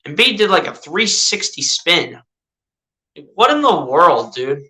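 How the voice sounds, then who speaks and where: A man giving casual fan-style live play-by-play of a basketball game, chatty and excitable, often tossing in "dude". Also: a little high, a little slow. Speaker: streamer doing live play-by-play.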